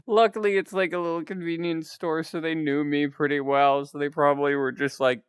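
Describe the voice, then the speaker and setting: Young male streamer, clear voice, dry close sound, casual laughing chatter. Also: fairly high pitch, level tone, normal speed, no echo. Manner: rambling storytelling, laughs often. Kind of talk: casual chat.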